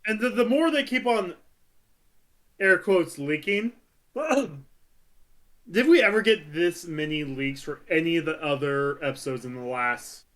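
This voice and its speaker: Excitable man pitching fan theories. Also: a little slow. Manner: excitable, stumbling restarts and laughs. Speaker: podcast co-host. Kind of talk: casual chat.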